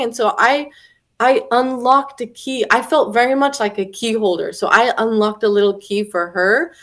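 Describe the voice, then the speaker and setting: A woman hosting a casual spiritual conversation, telling stories with lively, acted-out quotes. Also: on the high side, normal speed. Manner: animated storyteller, acts out quoted voices. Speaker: podcast host.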